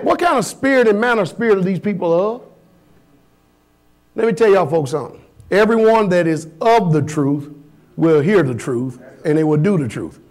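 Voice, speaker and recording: A man preaching a sermon as pastor, firing blunt rhetorical questions at his congregation in a folksy, emphatic way. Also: sits high.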